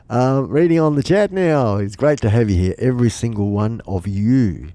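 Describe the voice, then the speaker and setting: A man's voice: on the low side, lively intonation, normal speed, few pauses, warm tone, no room sound. A middle-aged man hosting a casual live stream from his home studio, rambling and joking with many restarts, stuffed up with a cold. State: blocked up with a cold.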